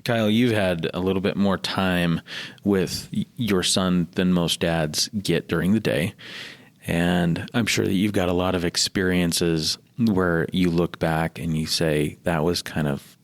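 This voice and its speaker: A man's voice: low voice, steady tone, a little slow. A man hosting a podcast, asking interview questions in a casual way with many fillers. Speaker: podcast host.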